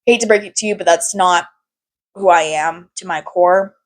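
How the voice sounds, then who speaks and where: A young woman hosting a podcast, talking in a candid, animated way, swearing freely and using lots of fillers. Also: on the low side, moderate pace. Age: young adult. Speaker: podcast host. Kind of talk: casual chat.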